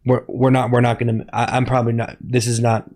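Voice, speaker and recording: Streaming live in a comic persona, a man gives a melodramatic mock confession, halting and repeating himself as he keeps telling his chat to be quiet. His voice is mid-range and his delivery completely flat.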